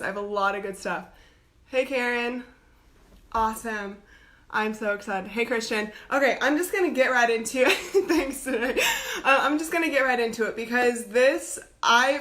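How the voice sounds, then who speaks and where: A woman's voice: a little high, fairly bright tone. A young woman giving a bubbly, gushing live-call talk to her team as a coach, greeting viewers by name, laughing often and saying "like" and "literally" a lot. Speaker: coach speaking to a team group.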